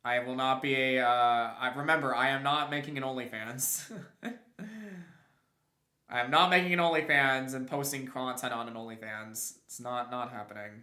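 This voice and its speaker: A man's voice: mid-range voice, fairly even intonation, normal speed, pushed and bright. A young man streaming a game, chatting casually and rambling with many restarts and chuckles. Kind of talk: casual live-stream chat while gaming. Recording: roomy echo.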